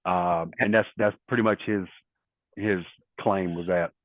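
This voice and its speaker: A middle-aged man in a casual interview, telling long stories and acting out quoted lines. His voice sits on the low side and comes through a thin, phone-like line. The sound is dry, with no room around it. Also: fairly even intonation, measured pace, no echo. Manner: rambling anecdotal storytelling with quoted dialogue. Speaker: interview guest, former wrestler.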